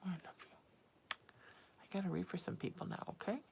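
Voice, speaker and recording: A woman's voice: on the low side, steady tone, a little fast, creaky, a little mellow, slight background noise. A woman psychic hosting a casual livestream from home. She chats with viewers and coos sing-song baby talk to her cat.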